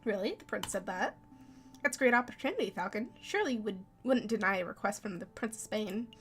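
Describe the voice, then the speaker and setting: A woman's voice: mid-range voice, expressive, fairly quick, close to an everyday voice. A woman voicing a dry, sarcastic male lawyer in a game. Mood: wry.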